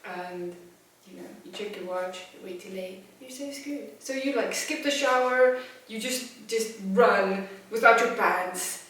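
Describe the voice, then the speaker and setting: A woman telling a comedic personal anecdote as a storyteller, animated and self-mocking, with big swings in pitch and loudness. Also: unhurried. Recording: very echoey room, from a distance.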